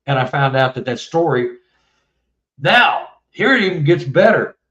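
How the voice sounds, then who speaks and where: A man's voice: fairly high pitch, sing-song, moderate pace, a bit bright. A man in his seventies from Texas, telling a long story as an interview guest, rambling and restarting often. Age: 70s. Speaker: guest author. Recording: distant, muffled, roomy mic.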